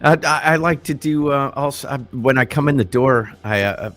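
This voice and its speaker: A man's voice: medium pitch, a little fast, fairly bright tone, soft background music. A middle-aged man from Illinois chatting loosely on a livestream, rambling and swearing freely. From Illinois, United States. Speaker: livestream co-host. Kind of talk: casual livestream chat.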